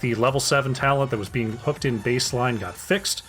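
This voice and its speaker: A man's voice: medium pitch, brisk, fairly bright tone, soft background music. A man casting an esports draft solo, chatty and casual, talking to his chat between picks. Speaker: esports caster.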